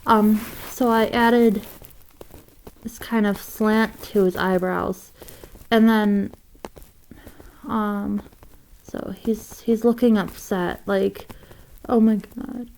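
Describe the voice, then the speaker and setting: A woman giving a casual drawing tutorial, rambling with fillers and soft asides. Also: mid-range voice, fairly even intonation, extremely slow, gravelly, pauses often, a little hiss or hum.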